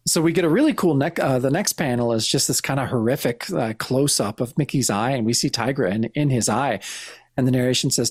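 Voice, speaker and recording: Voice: medium pitch, a little fast, slightly rough, no room sound, clean studio sound. A podcast co-host casually walking through comic panels, narrating each one with frequent restarts.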